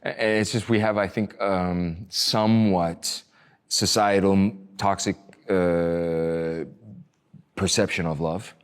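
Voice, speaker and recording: A man speaks as a guest in a casual interview. His voice sits quite low and deep. He talks in a loose, rambling way, full of fillers and restarts, with the odd swear word thrown in. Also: fairly even intonation, slow, clean tone. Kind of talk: casual conversation.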